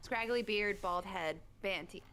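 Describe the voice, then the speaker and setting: A woman in the military, telling a long, animated story in casual chat over online voice chat. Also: mid-range voice, unhurried, slight background noise. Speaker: military service member. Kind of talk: casual chat on a game stream.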